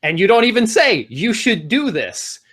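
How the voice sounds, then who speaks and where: A middle-aged man co-hosting a talk show, giving casual advice and speeding up as he gets excited. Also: sits high, normal speed. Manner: animated, speeds up when excited. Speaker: podcast co-host.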